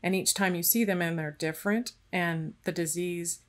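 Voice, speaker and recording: A woman's voice: on the low side, fairly even intonation, moderate pace. A woman hosting a caregiving podcast, speaking reflectively and searching for her words as she shares her thoughts. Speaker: podcast host. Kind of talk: casual interview chat.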